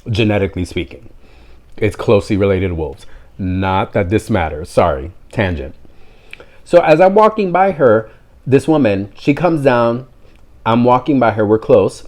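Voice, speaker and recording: A man's voice: on the low side, darkish tone. A man telling a story in a casual vlog, rambling and breaking off into tangents he apologizes for. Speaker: vlogger.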